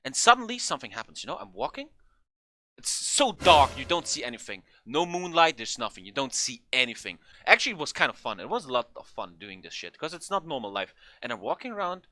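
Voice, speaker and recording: A young man telling a funny story in a casual, animated way, swearing often and acting out what people said. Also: medium pitch, fairly quick. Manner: animated, swearing, acts out quotes in a raised voice. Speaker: vlogger.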